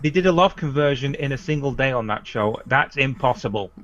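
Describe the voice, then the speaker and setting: Dry-witted English co-host, dull sound. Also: male voice, medium pitch, animated, a little fast, a bit bright, a little hiss or hum. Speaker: podcast co-host. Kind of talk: casual chat.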